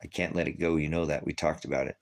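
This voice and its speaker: Low-voiced emotional man preaching. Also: steady tone, fast talker, vocal fry. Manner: rambling, emotional, often laughing and tearing up. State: tearful. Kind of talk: emotional personal testimony.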